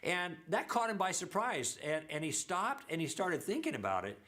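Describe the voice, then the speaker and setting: Lively storytelling church teacher, man. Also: high voice, normal speed. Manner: anecdotal, acts out quoted dialogue.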